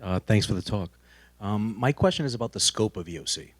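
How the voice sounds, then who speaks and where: A man's voice: lowish voice, lively intonation, fairly quick, breathy edge, no echo. A man in the audience, a professor, asking a hesitant question after a talk. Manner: hesitant, with fillers.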